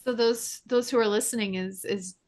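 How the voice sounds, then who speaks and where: A woman's voice: a little high, steady tone, normal speed, darkish tone. A woman hosting a podcast interview, affirming and reflective as she chats with her guest. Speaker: podcast host. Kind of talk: casual interview chat.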